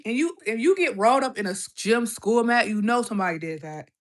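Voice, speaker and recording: A woman's voice: a little high, expressive, quick pace. A woman vlogger chatting casually to her viewers while reacting to a documentary. She keeps calling them y'all and often breaks off and restarts her sentences.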